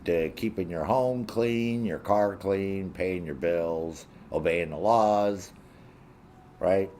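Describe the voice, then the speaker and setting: Here a man running his own show delivers a profane, blunt rant, raising his voice to imitate other people. The voice is low and darkish, the pace slow, and there's slight background noise.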